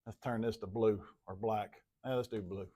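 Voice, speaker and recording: A man's voice: fairly low pitch, steady tone, moderate pace, warm tone. Man, math teacher, classroom lecture, casual, repetitive, talks to students. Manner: casual, talks to students by name and repeats himself.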